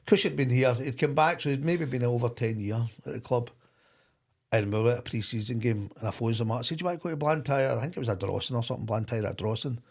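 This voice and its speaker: Scottish ex-manager, middle-aged, gravelly and quick; animated anecdote-teller. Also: male voice, medium pitch. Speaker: former football manager. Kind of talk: storytelling in podcast chat.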